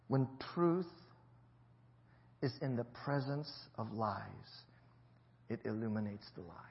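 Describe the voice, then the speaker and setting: Pastor, male, high voice, storytelling sermon, dull lo-fi audio. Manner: storytelling preacher, swings between loud emphasis and low quiet.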